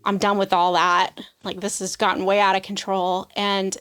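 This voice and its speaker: A woman's voice: mid-range voice, little pitch movement, moderate pace, a bit bright, clean tone. A young adult woman giving an emotional personal testimony as a podcast guest, acting out what people said and leaning on "like" a lot. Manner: emotional storytelling, acts out quoted voices, frequent "like".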